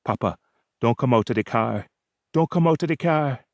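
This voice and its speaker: A man's voice: mid-range voice, expressive, normal speed, dry recording, clean studio sound, voice pushed down, natural voice. A man voicing a nervous young Jamaican gang member who urgently pleads with his boss, with a Jamaican accent. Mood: anxious.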